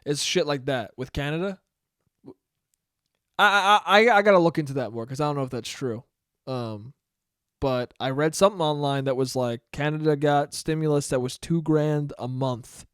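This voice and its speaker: The voice is on the high side, a bit bright, clear and resonant, moving at a normal speed in a dry, clean studio recording. It belongs to a podcast host from the United States, a man in his twenties who rambles through a casual solo show, cursing and cracking himself up.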